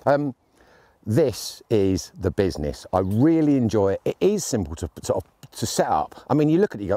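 A man's voice: on the low side, big pitch swings, moderate pace, warm tone, no echo. A man giving a chatty, jokey and enthusiastic gear review outdoors on shooting land.

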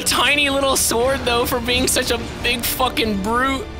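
A man giving profane, excitable let's play commentary, swinging from mutters to shouts and talking to the enemies on screen. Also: very high voice, unhurried, music in the background. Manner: talks to the game and its enemies. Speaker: gamer.

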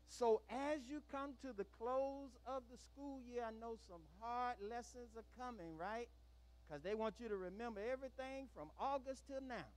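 A woman leading children in church, coaxing them through call-and-response lines to repeat after her. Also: a little high. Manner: coaxing, prompts the group to repeat. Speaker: children's worship leader.

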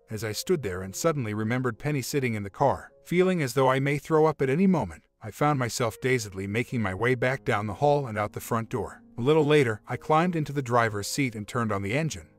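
A man narrating a relationship story in the first person, with a steady, even reading. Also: medium pitch, fast talker, hardly any pauses, soft background music.

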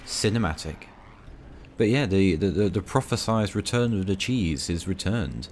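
A man's voice: deep voice, animated, normal speed, darkish tone, slight background noise. A man giving rambling, self-mocking commentary while playing a tank game, full of dry asides. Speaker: gaming video creator.

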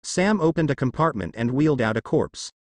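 A man narrating a fan fiction story in an expressive reading style. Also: mid-range voice, fairly quick, no echo, clean studio sound.

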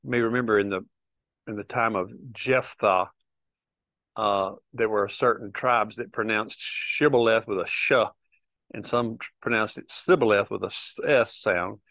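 A man's voice: on the low side, sharp tone, no echo. Man casually teaching Bible words. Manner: conversational, frequent restarts and fillers, explains slowly.

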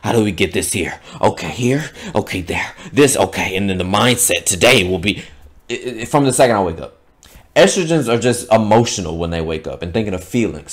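Male channel host, low-pitched, emphatic repetitive lecturer, opinion monologue. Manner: stumbles and restarts words.

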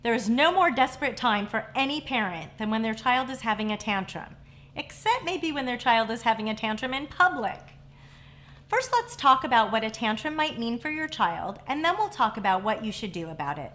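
A middle-aged woman, a family therapist hosting a parenting show, giving scripted advice in a calm, measured, reassuring way. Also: fairly high pitch.

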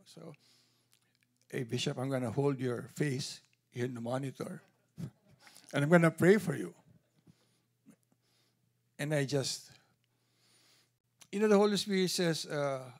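Gravelly man giving church testimony. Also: medium pitch, measured pace, pauses often. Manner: animated storytelling with quoted dialogue.

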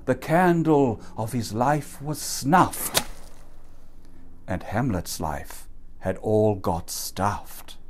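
A man's voice: lowish voice, extremely slow, noisy background. A man narrating a rhyming storybook in a playful, theatrical manner.

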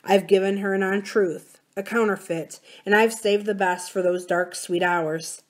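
A woman reading aloud and voicing a gentle older man who speaks softly and slowly in a musing, reflective manner. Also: medium pitch, fairly even intonation, lightly acted. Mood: confiding. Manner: soft, slow and musing.

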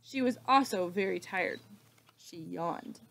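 A woman teacher reading a children's book aloud, slow and expressive with dramatic pauses. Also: on the low side, gravelly.

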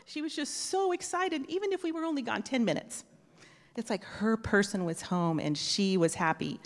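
Lady doing a kids' story at church, lively, asks the kids stuff, long echo off the hall. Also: a little high, normal speed. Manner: animated, asks children questions, imitates dog whines. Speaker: children's story teller. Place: church sanctuary.

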